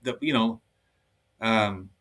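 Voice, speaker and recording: A man, giving a heated sermon-style monologue. He talks forcefully, repeats himself and keeps checking in with "all right?". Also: on the low side, slow. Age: 50s. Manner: forceful, repetitive, ends phrases with "all right?". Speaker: preacher. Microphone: laptop mic. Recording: distant laptop mic.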